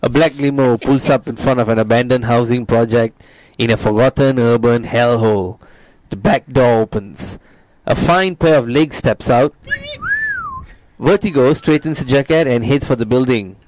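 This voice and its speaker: A man's voice: mid-range voice, moderate pace, a little mellow, no echo, poor audio. A man hosting a casual show, reading a screenplay's stage directions aloud. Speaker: host, script narrator.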